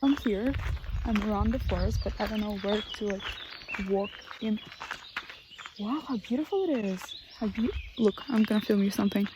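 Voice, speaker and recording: 18-year-old woman, rambling solo vlogger on a handheld phone, soft faint birdsong behind. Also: mid-range voice, moderate pace, noisy background. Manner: rambling, hesitant, drops to a whisper at times. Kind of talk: casual chat. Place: outdoors in a forest.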